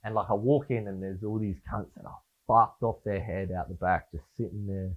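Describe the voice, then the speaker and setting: A man's voice: on the low side, a little fast, husky. A man with an Australian accent, a guest telling laid-back, swear-heavy stories in a casual interview. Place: studio. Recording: phone-like lo-fi sound.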